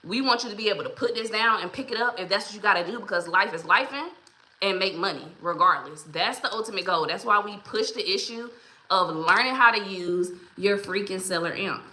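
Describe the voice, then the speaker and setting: A woman's voice: mid-range voice, brisk, bright, forceful tone, a little hiss or hum. A woman hosting a casual livestream, chatty and encouraging as she greets viewers by name. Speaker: livestream host. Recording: roomy echo.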